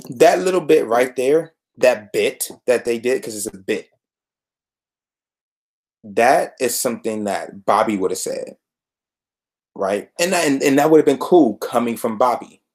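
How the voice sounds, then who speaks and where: A young man in a mid-range voice vents about a comic he dislikes, sarcastic and exasperated. He repeats himself for emphasis and keeps jumping between gripes. It sounds like a one-man podcast review. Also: medium pitch.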